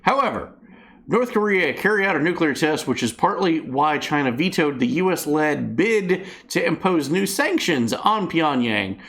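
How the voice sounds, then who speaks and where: A man reading the news aloud with heavy sarcasm and exasperated asides. His voice sits fairly high for a man and swings widely up and down, so even the plain reporting sounds animated and mocking. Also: a little slow. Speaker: host reading news stories. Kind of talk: casual comedic news chat.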